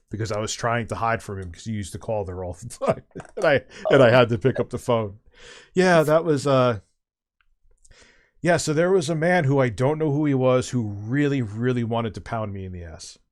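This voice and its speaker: A man's voice: medium pitch, moderate pace. A middle-aged man chatting casually as a streamer, telling a long rambling anecdote with swearing and restarts. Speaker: streamer and host. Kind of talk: casual chat, storytelling.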